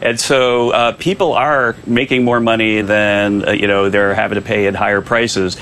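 Low-voiced male official, filler-heavy data talk, faint rumble. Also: flat delivery, fairly bright tone. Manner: talks fast with many uh fillers, defends with data. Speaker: government economic adviser. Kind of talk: TV interview.

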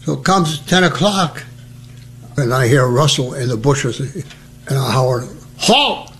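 A man's voice: mid-range voice, unhurried, slight background noise. Older man telling war stories. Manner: lively storyteller, acts out voices and laughs. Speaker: veteran recounting memories. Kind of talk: oral history storytelling.

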